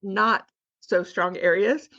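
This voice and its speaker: A woman's voice: mid-range voice, slow, gravelly, sharp tone, highs cut off. A woman hosting a casual podcast, asking questions and affirming her guest. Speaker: podcast host.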